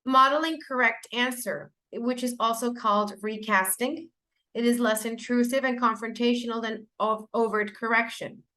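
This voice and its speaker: Spanish-speaking woman running a teacher training lecture, kinda high voice, lots of ums and self corrections. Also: fairly even intonation, moderate pace, pushed and bright. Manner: explanatory, with fillers and self-corrections.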